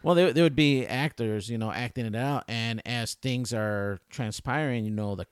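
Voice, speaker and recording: A man with a smooth, resonant, somewhat low voice co-hosts a relaxed podcast. He rambles along, circling back with restarts and fillers as he thinks aloud. The sound is dry and close. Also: normal speed, no room sound. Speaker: podcast co-host. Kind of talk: casual chat. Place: Chicago.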